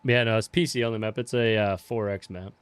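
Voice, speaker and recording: A man's voice: on the low side, fairly even intonation, a little fast, clean tone, dry recording. Laid-back young man streaming a farm game. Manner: laid-back, swears casually, greets viewers by name. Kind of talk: casual live-stream chat while playing.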